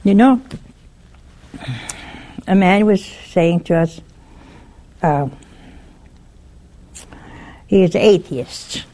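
A woman's voice: on the low side, drawn-out words, long pauses, dark tone. A woman on a broadcast network giving an informal religious talk. She issues an earnest warning and retells a story step by step.

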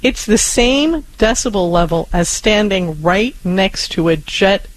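A co-host giving calm, reassuring parenting advice and speaking directly to a listener. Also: medium pitch, a little slow, no echo, rough recording. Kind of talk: casual advice chat.

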